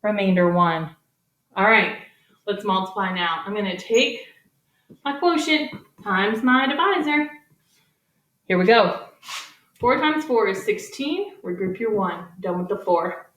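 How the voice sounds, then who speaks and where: A woman's voice: medium pitch, expressive, a little slow, long pauses, fairly bright tone. Upbeat woman teacher in an echoey garage. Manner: upbeat, playful, talks to kids. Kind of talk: recorded math lesson. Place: home garage.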